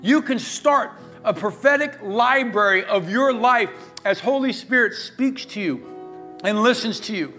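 A middle-aged man preaching a sermon as pastor, telling a personal story in a lively way and acting out the people he quotes. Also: high voice, unhurried. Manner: animated storyteller, acts out quoted voices. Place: church sanctuary. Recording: faint guitar music behind.

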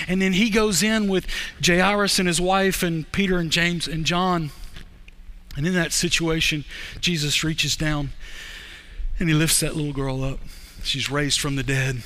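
A middle-aged man preaching from the pulpit, his voice pitched high and ringing bright. He tells the story conversationally, racing through some phrases and slowing right down on others for emphasis. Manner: conversational storytelling, swings between fast bursts and slow emphasis. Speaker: pastor. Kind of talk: sermon.

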